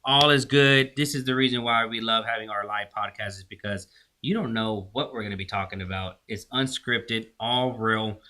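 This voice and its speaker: A man's voice: lowish voice, steady tone, moderate pace, bright, forceful tone. A man hosting a live podcast, upbeat and announcing breaks in a casual chat. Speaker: podcast host.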